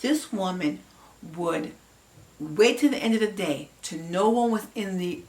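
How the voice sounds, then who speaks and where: A woman's voice: mid-range voice, lively intonation, measured pace, darkish tone, far from the mic. An emotional woman giving impassioned vlog commentary to her viewers, rambling with many fillers and restarts. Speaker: vlogger.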